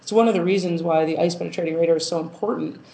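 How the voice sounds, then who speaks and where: A woman's voice: fairly low pitch, steady tone, racing, gravelly, warm tone. A woman planetary scientist answering interview questions in a casual, thoughtful way, with many fillers and restarts. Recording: roomy echo.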